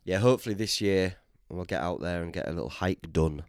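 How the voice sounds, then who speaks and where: A man's voice: sits low, fairly quick, darkish tone, smooth, dry recording, clean studio sound. A man from Britain hosting a podcast, chatting casually and bantering, often saying "mate". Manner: laid-back banter, says "mate" often. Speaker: podcast host. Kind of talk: casual chat.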